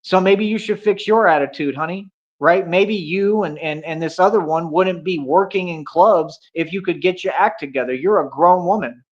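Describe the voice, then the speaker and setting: A man's voice: high voice, normal speed. A man hosting a livestream debate, combative and taunting, repeating himself and throwing in slang. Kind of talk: confrontational livestream argument. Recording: dull lo-fi stream audio.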